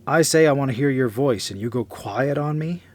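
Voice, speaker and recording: A man's voice: mid-range voice, normal speed, a little mellow, voice pushed up, lightly acted. A man voicing an exasperated, teasing wife on the phone. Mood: hurt.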